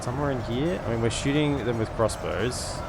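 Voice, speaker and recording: A man's voice: medium pitch, fairly quick, gravelly, heavy background noise. A man giving casual live commentary on a strategy game, chatty, repeating himself and giving orders to his units. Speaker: game streamer. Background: game music.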